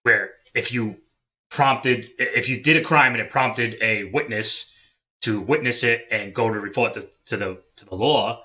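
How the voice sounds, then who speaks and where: A man's voice: medium pitch, unhurried, sharp tone, highs cut off. A man, a guest on a gaming podcast, explaining game mechanics in a loose, casual way with some swearing.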